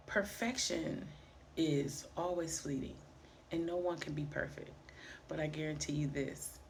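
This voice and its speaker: Middle-aged woman vlogger, lower voice; animated storyteller who acts out the voices. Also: gravelly, a little hiss or hum. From Highland Park, Michigan, near Detroit. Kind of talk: personal storytelling vlog.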